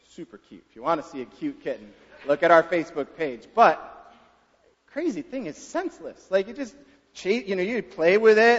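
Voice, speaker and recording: A man's voice: sits high, a bit bright. A middle-aged man preaching a sermon as a pastor, in a conversational, folksy way, often asking the listeners questions. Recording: dull reverberant hall sound.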